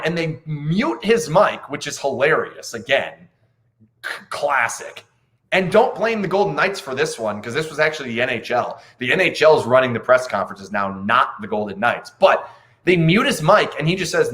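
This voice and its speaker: A man's voice: on the high side, normal speed. A man hosting a casual hockey show, breaking down a game bluntly and with disbelief, swearing now and then. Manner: blunt, animated, swears, incredulous. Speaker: hockey podcast host. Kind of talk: casual post-game analysis.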